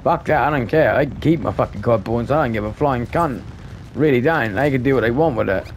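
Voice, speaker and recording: A man's voice: mid-range voice, brisk, slight background noise. A man giving live commentary on his gameplay, ranting in frustration and swearing constantly. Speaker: gaming video creator.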